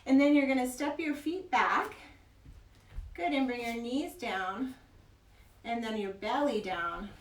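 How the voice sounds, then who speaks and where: High-voiced, encouraging woman yoga teacher. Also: measured pace, pauses often, distant mic. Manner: gentle, encouraging, playful with a child. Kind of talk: kids' yoga class. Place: yoga studio. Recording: echoey room, mic from afar.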